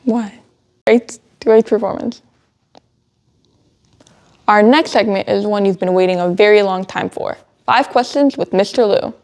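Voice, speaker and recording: A woman's voice: medium pitch, measured pace, pauses often, a little mellow. A teenage girl hosting a student school show, giggling and flustered as she keeps slipping on her lines in outtakes. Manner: giggly, flustered by slip-ups.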